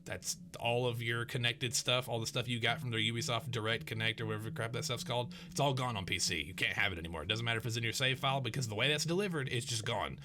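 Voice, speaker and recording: A man's voice: mid-range voice, quick pace, hardly any pauses, crowd noise. A man co-hosting a podcast, chatting casually about video games, rambling with restarts and swearing into a home desk mic. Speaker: podcast co-host. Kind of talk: casual gaming chat. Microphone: home desk mic with noise gate.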